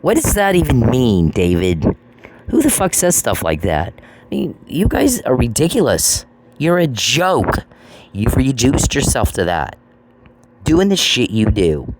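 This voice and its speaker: A man's voice: medium pitch, a little mellow. A man hosting a podcast, ranting in a scornful, taunting way, repeating phrases and swearing. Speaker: podcast host. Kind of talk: angry podcast rant. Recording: noisy with clicks.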